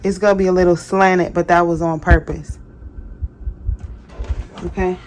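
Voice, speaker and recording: A woman's voice: fairly low pitch, little pitch movement, a little slow, a little mellow, faint music behind. A woman hosting a casual craft how-to, chatty and self-deprecating, often apologizing. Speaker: craft tutorial host.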